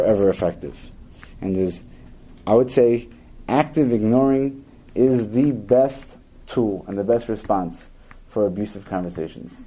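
A man with a notably dark, mellow tone and a lowish voice teaches parents how to handle conflict with children. He talks earnestly, repeating words for emphasis and briefly acting out what parents and kids might say. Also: a little hiss or hum, low-quality recording. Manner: acts out quoted parent and child lines. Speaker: parenting educator. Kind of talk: instructional talk to parents.

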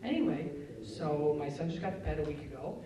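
A man giving a live talk on parenting, animated and acting out family scenes in quoted voices. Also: on the high side, brisk. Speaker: parenting lecturer. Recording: roomy echo, speaker far from the mic.

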